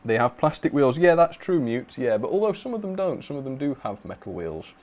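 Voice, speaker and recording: A young man hosting a relaxed livestream, chatting casually, reading out viewer comments with lots of fillers. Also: mid-range voice, a little fast. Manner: chatty, reads viewer comments aloud, frequent fillers and laughs. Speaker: livestream host. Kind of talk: casual live chat.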